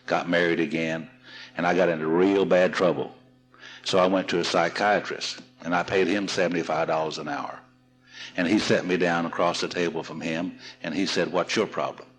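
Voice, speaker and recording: A man's voice: low voice, low-quality recording. A man telling his recovery story to a seminar audience in a folksy, humorous way. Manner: folksy, humorous, repeats and restarts.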